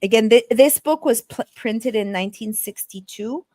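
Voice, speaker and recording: A woman's voice: on the high side, normal speed, darkish tone, no room sound, clean studio sound. A woman hosting a podcast interview, talking in a chatty, loose way with frequent restarts. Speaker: podcast host. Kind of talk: casual interview chat.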